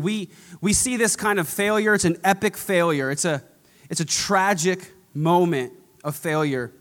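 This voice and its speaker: A man with a high voice preaches in a casual, conversational manner. He leans on repeated phrases for dramatic emphasis, and the sound rings with a long reverb. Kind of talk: sermon.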